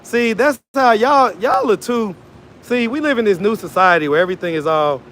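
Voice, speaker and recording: A man's voice: high-pitched, moderate pace, fairly bright tone, slight background noise. A man, chatting loosely on a phone livestream from a pizza shop, full of slang and fillers. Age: 40s. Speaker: street interviewer and livestream host. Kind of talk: casual livestream chat.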